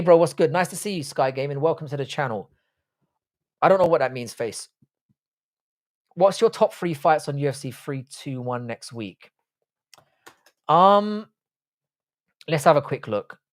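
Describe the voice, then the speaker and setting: A man's voice: on the high side, lively intonation, a little slow, pauses often. Sweary laid-back British man. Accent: British English. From England. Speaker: livestream host. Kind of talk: casual live chat reading viewer comments.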